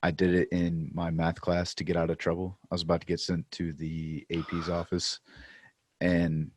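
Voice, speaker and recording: A man's voice: sits low, completely flat delivery, moderate pace, no echo. A man co-hosting a podcast, telling laid-back stories in casual chat. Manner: laid-back storytelling, says "dude". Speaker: podcast co-host.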